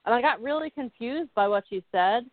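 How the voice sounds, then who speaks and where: Woman host, relaxed, encouraging, casual filler words, slightly high voice, dry tinny phone sound. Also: fairly quick, no echo. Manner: relaxed and encouraging, with lots of "like" and "I mean". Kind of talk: casual conversation.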